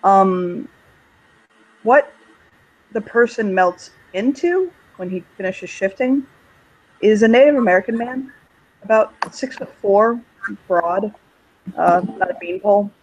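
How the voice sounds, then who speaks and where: High-voiced hesitant game master. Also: male voice, takes it slowly, pauses often, low-quality recording. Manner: hesitant, many fillers. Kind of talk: narrating a tabletop game.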